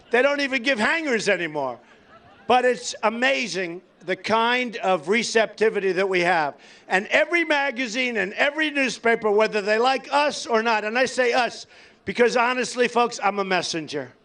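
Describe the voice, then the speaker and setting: An older man holds forth at a campaign rally, his voice pitched very high for a man. He brags, rambles and circles back to the same points. Now and then he shouts out to the crowd. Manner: boastful, rambling and repetitive, sometimes shouting to the crowd. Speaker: political candidate at a campaign rally. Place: large rally venue before a cheering crowd.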